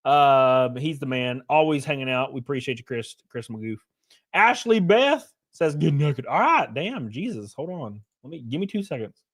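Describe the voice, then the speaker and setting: A man's voice: medium pitch, sing-song, moderate pace, fairly bright tone. A man streaming live, chatting casually and crudely, joking around and thanking chat members by name.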